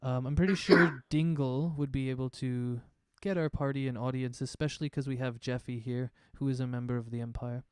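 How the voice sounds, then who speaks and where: A man playing a tabletop game over voice chat, talking in a relaxed, rambling way with many fillers. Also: medium pitch, brisk, hardly any pauses, clean tone, no echo, studio quality. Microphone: online voice chat mic.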